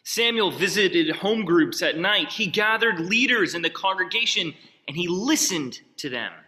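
A man's voice: high-pitched, animated, moderate pace, pushed and bright. A man preaching a sermon as pastor, telling stories in a conversational way with asides. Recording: long reverb of a large hall.

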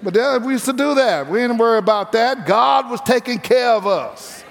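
A man's voice: very high-pitched, lively intonation, normal speed, gravelly. A man preaching a sermon as pastor, stressing his points by repeating key phrases. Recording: reverberant hall with faint music.

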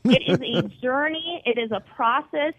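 A woman's voice: sits high, normal speed. A woman being interviewed over the phone, speaking earnestly and encouragingly about her own experience. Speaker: guest, wellness site founder. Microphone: telephone. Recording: tinny phone line.

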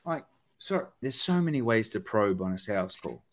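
A man speaking as a sales expert guest in a conversational podcast, energetic and acting out sales-call dialogue. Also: lowish voice, moderate pace.

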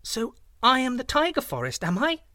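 A man voicing a young slave girl in a storybook tale, speaking in a high, excitable way. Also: normal speed, no room sound, clean studio sound, heavily acted. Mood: amused.

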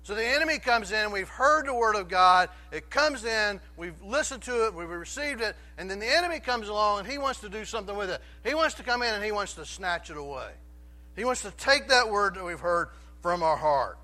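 High bright-voiced preacher. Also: male voice, sing-song, fairly quick. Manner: conversational, asks the congregation questions, self-interrupting. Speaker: pastor. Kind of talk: sermon. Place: church before a congregation.

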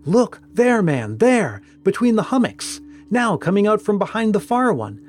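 A man's voice: on the high side, lively intonation, unhurried, a little mellow, soft background music. A man voicing a haunted, feverish old ship captain who gasps out urgent words and sinks to murmurs. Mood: frantic.

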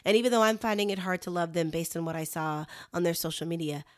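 A woman's voice: lowish voice, quick pace, no echo, studio quality. A middle-aged woman, giving earnest, candid encouragement in a casual talk to listeners. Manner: earnest and candid, addresses listeners as "y'all" and "you guys". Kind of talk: casual heartfelt talk to camera.

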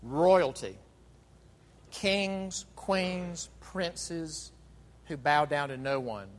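A man preaching a sermon as pastor, emphatic, with rhetorical questions and dramatic pauses. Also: on the high side, big-room sound.

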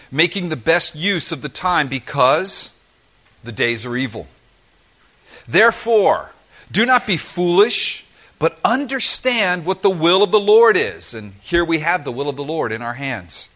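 A man preaching a sermon as pastor, lively and emphatic with touches of humor. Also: a little high, a little slow.

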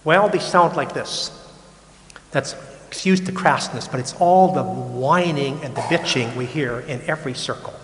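A man's voice: mid-range voice, normal speed, a bit bright, slight background noise. An older man, a Catholic priest, preaching in a casual, frank way that often repeats and restarts words. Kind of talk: conversational sermon. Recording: echoey hall with long reverb.

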